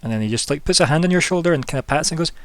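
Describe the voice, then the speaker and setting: Relaxed game master narrating, dry sound. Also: male voice, a little high, very fast, no echo. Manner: relaxed, loose narration with fillers.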